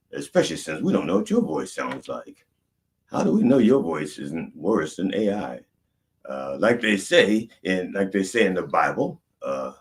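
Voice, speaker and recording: Man, extremely deep voice, comic preacher, mock sermon, deadpan, rambling, lots of uhs. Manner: rambling, deadpan, full of fillers and restarts.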